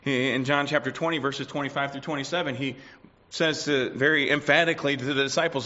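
A man preaching a sermon, swinging between loud declarations and quiet asides. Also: medium pitch, fairly even intonation, a little fast. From United States. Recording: dull lo-fi recording.

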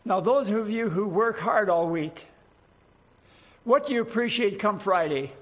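An older man preaching a sermon, slow and emphatic, lingering on single words. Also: high voice, animated, dull audio.

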